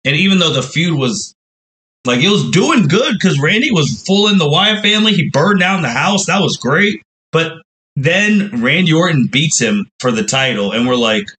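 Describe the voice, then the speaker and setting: A man's voice: a little high, pushed and bright, rough recording. A man hosting a podcast, telling a long, rambling recap with frequent exclamations. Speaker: podcast host.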